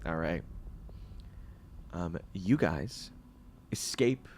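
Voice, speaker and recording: A man's voice: sits low, lively intonation, drawn-out words, darkish tone, slight background noise. A young man narrating a tabletop game as game master, laughing often in a loose, profane way.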